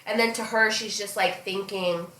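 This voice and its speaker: A woman's voice: mid-range voice, steady tone, normal speed, sharp tone. Rambling woman, distant in an echoey room. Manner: rambling, many fillers, gushing. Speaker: podcast co-host. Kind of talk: casual book club chat. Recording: echoey room, somewhat far from the mic, faint background noise.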